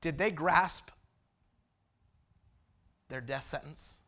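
Guy preaching a sermon, pretty high voice, bright and sharp, gets loud then drops way down quiet. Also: drawn-out words. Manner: swings from loud emphatic preaching to low hushed asides.

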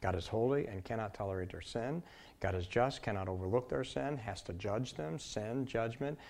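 Male preacher, sermon delivery, emphatic, punches key lines then drops soft, repeats points. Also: lowish voice, moderate pace, gravelly.

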